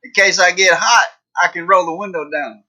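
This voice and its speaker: A man's voice: high-pitched, normal speed, pushed and bright. A man voicing a dim-witted young man in a spoken joke, eager and pleased with himself.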